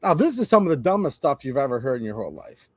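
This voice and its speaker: A man's voice: medium pitch, very animated, fast, no echo. A man hosting his own channel, ranting sarcastically in a rambling live-stream commentary. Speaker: channel host.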